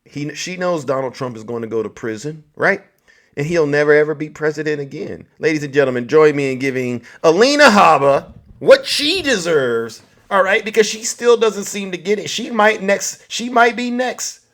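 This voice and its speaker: A man with a fairly high voice hosts a live stream. He mocks and hams things up, and he keeps talking straight to his chat. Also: a little fast, fairly bright tone. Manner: mocking, theatrical, talks to the chat.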